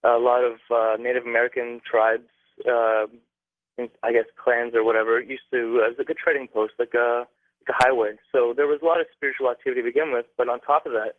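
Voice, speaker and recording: A man's voice: mid-range voice, flat delivery, dry recording. Young man telling a tale down a phone line. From Canada. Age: young adult. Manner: halting, many fillers and restarts. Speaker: caller. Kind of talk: phone-in storytelling. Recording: tinny dry phone line.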